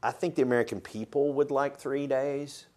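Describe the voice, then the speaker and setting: A man from Kentucky, a guest on an interview podcast, talking in a dry, wry way with plenty of halting fillers. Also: medium pitch, fairly even intonation, darkish tone. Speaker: guest, congressman. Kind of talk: casual interview chat.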